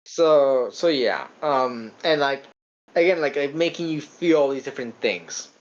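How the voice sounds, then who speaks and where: A man's voice: medium pitch, a little slow, highs cut off. A man co-hosting a podcast, chatting casually about a film in a rambling way, full of stammered restarts and casual swearing. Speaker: podcast co-host. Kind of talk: casual film review chat.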